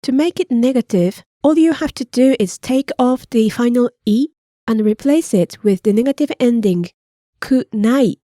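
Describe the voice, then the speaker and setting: A woman co-hosts a language lesson in a slightly high, warm voice. She explains grammar patiently and models pronunciation slowly, recorded close and dry. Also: animated, no echo. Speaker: native-speaker co-host teaching Japanese. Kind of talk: scripted podcast lesson.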